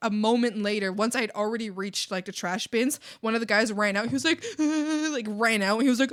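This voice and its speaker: Young woman streamer, slightly high voice, swears freely while venting, animated storyteller. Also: fairly quick, few pauses. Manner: animated, profane, mocking whiny voices. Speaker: art streamer.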